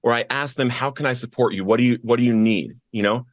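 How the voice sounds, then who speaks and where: A man's voice: medium pitch, fast talker, no room sound. A man as a podcast guest, earnestly telling his personal testimony and acting out the voices of the people in his story.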